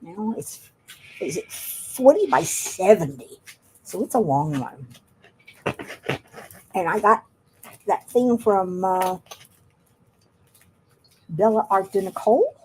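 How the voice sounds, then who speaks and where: A woman's voice: medium pitch, animated, slow, pauses often, darkish tone, slight background noise. A woman chatting casually while she works on a craft at home, rambling and laughing often. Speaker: craft vlogger.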